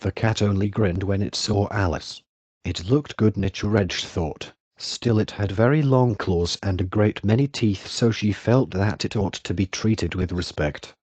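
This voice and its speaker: A man's synthetic text-to-speech voice narrating an audiobook in an even, measured reading. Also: fairly low pitch, dry recording. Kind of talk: scripted narration.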